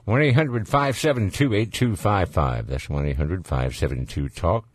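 Deep-voiced laid-back radio host, man. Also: normal speed, husky, no room sound, studio quality. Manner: joking, laid-back banter with callers. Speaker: radio call-in show host. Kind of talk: casual call-in radio talk. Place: radio studio.

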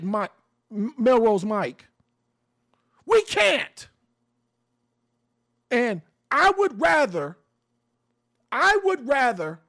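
A man's voice: very high-pitched, vocal fry. A man hosting an opinion radio show, talking bluntly and emphatically, with swearing and preaching. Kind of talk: fiery opinion talk.

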